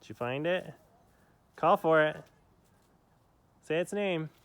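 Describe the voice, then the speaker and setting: A man's voice: on the high side, takes it slowly, fairly bright tone. A man outdoors reading homework instructions aloud and coaxing a child, stumbling over his words now and then. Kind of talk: playful family vlog. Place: outdoors by home.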